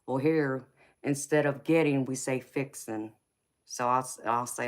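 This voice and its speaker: A tarot reader from Los Angeles, speaking with a Southern accent, chats casually on a live stream and answers viewers' comments. Her voice is deep and bass, her tone level and her pace measured. She's chatty, laughs often, and reads comments aloud.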